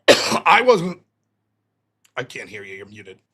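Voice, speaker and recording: A man's voice: mid-range voice, husky. A man hosting a live call-in stream, talking casually and animatedly, often sounding exasperated and mocking. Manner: animated, exasperated, quick to mock. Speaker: livestream host.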